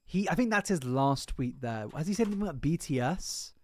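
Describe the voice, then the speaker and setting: A man's voice: fairly high pitch, animated, brisk, no echo. A man chatting casually on his livestream, rambling, swearing freely and mocking himself. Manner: rambling, profane, self-mocking.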